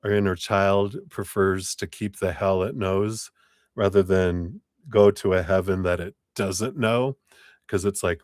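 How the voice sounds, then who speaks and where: A man's voice: sits low, fairly even intonation, measured pace, darkish tone, no room sound, clean studio sound. A man giving a live-stream tarot reading in a chatty, laughing, rambling way. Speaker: tarot reader. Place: home room with air conditioner.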